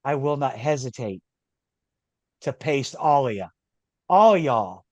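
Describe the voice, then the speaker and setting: A man's voice: mid-range voice, sing-song, slow pace, a little mellow, dry recording. Brief: slangy bro starship engineer, as a man plays him, mid voice, dry mic. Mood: swaggering. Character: laid-back bro version of a male starship engineer.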